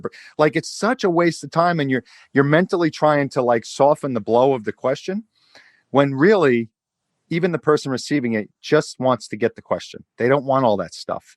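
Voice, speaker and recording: A man's voice: fairly high pitch, animated, moderate pace, dry recording, studio quality. A man hosting a podcast who talks emphatically in casual chat, often repeating words as he gets going. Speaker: podcast host.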